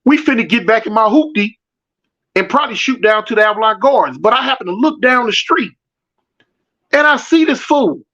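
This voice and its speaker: A man tells a street story in loose, slangy talk and acts out the voices of the people in it. His voice sits high for a man. The recording sounds muffled and lo-fi. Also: expressive, brisk, sharp tone. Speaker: storyteller answering live chat. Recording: dull lo-fi audio.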